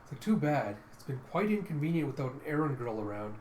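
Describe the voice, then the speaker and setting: A man's voice: mid-range voice, sing-song, fast talker, darkish tone, slight background noise, lightly acted. A man voicing a cruel, smug male cyborg villain who speaks in old-fashioned thou and thee. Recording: echoey room.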